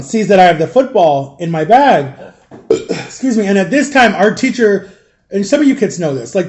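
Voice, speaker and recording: A man's voice: a little high, a little mellow. A man in his thirties telling a long story in a casual, rambling way, full of "like" and acted-out quotes. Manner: rambling, heavy use of "like", acts out quoted people. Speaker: vlogger. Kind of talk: casual storytelling while eating.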